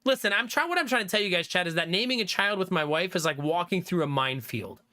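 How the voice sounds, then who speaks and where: Lively, bright-voiced male streamer. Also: high voice, quick pace. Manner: chatty, laughs often, reads chat aloud. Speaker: livestreamer. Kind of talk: casual chat with stream viewers.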